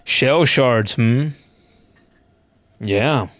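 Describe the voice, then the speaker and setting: A man's voice: mid-range voice, drawn-out words, fairly bright tone, no echo. A man live-streaming a video game, chatting casually with viewers in a playful, wry way and repeating words as he starts his thoughts. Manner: playful, wry, talks to chat.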